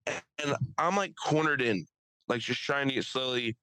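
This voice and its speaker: Bright-voiced rambling man telling stories. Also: medium pitch, moderate pace, smooth, no echo, poor audio. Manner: rambling, profane, laughs often. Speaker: podcast co-host. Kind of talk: casual storytelling chat.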